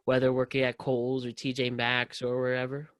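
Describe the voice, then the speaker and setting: A man's voice: mid-range voice, moderate pace, no room sound. A man hosting a casual podcast interview, talking loosely and jokingly with his guest. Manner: joking, loose, animated storyteller. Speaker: podcast host.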